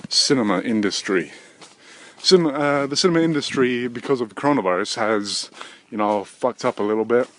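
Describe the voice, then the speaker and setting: A man in his thirties talks alone into a desk microphone, rambling from topic to topic. His everyday middle-pitched voice curses freely, drops to low mutters, then jumps into sudden loud, high-pitched outbursts. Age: 30s. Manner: profane, erratic, swings between mutters and loud outbursts. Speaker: podcast host. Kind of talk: rambling solo podcast monologue.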